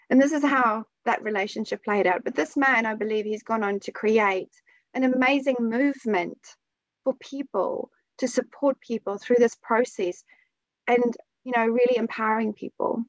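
An earnest woman telling a moving story in a conversation, her voice set a touch high with a gravelly fry. The sound is dull and lo-fi, and the room is very dry. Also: no room sound. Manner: earnest, heartfelt, pauses and restarts. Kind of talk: emotional storytelling in a spiritual conversation.

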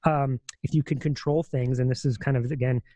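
A man's voice: mid-range voice, fairly even intonation, a little fast, mellow, dry recording. A man co-hosting a podcast, explaining at length in a casual, rambling way with many fillers and restarts. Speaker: podcast co-host.

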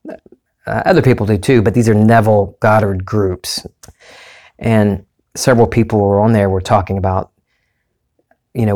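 A man's voice: on the low side, darkish tone. A man giving a candid personal monologue as a self-help speaker, earnest and confessional, rambling with restarts.

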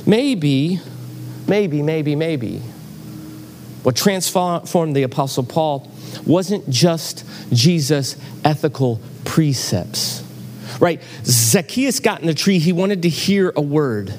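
A man's voice: fairly high pitch, expressive, takes it slowly, darkish tone, slight background noise. A man preaching a sermon in a church, telling a story and acting out the voices in it. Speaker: pastor. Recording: church hall reverb, faint ambience.

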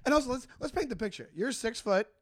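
High lively long island guy on a podcast, jumps into mocking voices, dry close sound. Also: fast, no room sound. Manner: animated, acts out mocking voices. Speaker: podcast co-host. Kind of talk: casual chat.

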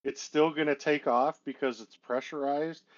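A man's voice: on the high side, fairly even intonation, moderate pace, highs cut off. A man co-hosting a casual movie review podcast, retelling the plot in a wry, matter-of-fact way. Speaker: podcast co-host.

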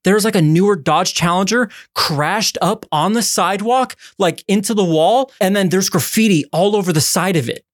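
Animated young man telling a story. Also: moderate pace, few pauses, dry recording, studio quality. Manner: animated, swearing, voice jumps high when excited. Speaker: podcast co-host. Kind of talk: casual storytelling chat.

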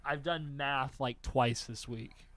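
A young adult man hosting a casual podcast chat, telling animated stories and swearing freely. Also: mid-range voice, slow, crowd noise. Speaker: podcast host.

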